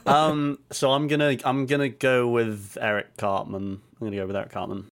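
A man's voice: mid-range voice, little pitch movement, normal speed. A man in casual podcast chat, joking and laughing into his lines. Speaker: podcast co-host.

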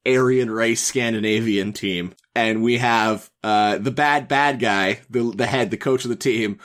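A man's voice: mid-range voice, measured pace, fairly bright tone. Man co-hosting a joking film chat. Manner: joking, rambling with filler words. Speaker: podcast co-host. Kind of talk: casual comedic film discussion.

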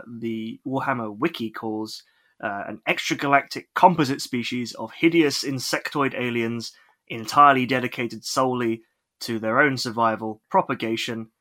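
Man podcast co-host, crisp bright voice, casual chatty delivery, lots of ums and restarts. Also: medium pitch, steady tone, normal speed. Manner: chatty, with frequent fillers and restarts.

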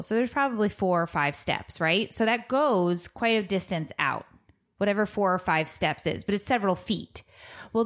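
Thirtysomething mom co-hosting a chat, animated storyteller, gets loud when she acts it out. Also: mid-range voice. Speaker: podcast co-host, mother.

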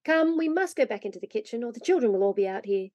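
A woman reading aloud, voicing a steady older brother who speaks calmly and matter-of-factly. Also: on the high side, fast, dry recording.

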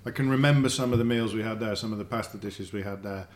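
There's slight background noise as a middle-aged man with a low-side voice talks fast at a dinner in someone's home dining room. He shares stories in relaxed table conversation, often repeating words while he thinks.

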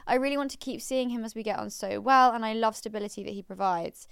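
A woman's voice: a little high, fast talker, gravelly, fairly bright tone, clean tone, dry recording, clean studio sound. A young woman co-hosting a podcast, chatting casually and reading out listener letters in a gushing, laugh-prone way. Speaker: podcast co-host.

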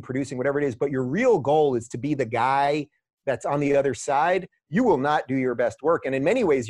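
A middle-aged man on a podcast, telling stories in a lively, casual way. His voice sits a bit higher than most men's, and he often restarts his phrases with a repeated word. The sound is close and dry, with no room around it. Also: no room sound. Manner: animated, repeats words at the start of phrases. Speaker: podcast guest. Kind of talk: casual storytelling. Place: lives in a large US city.

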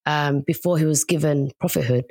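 A woman chats casually, chiming in supportively and now and then exclaiming with animation. Her voice sits low for a woman. The recording is close and dry. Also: brisk, darkish tone, dry recording. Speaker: podcast co-host. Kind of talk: casual chat.

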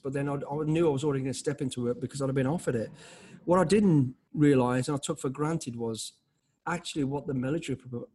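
A man in his fifties, an interview guest telling blunt, animated stories full of restarts and acted-out dialogue. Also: mid-range voice, slight background noise. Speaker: interview guest, former special forces soldier. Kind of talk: casual conversational storytelling.

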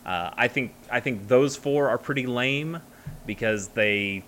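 A man's voice: mid-range voice, a little slow, fairly bright tone, slight background noise. A man chatting casually as a co-host, rambling with many fillers and restarts. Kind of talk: casual chat.

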